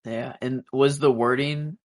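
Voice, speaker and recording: A man's voice: mid-range voice, fairly even intonation, unhurried. A man co-hosting a podcast, talking over a TV episode in a loose, rambling way with many fillers. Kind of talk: casual show recap chat.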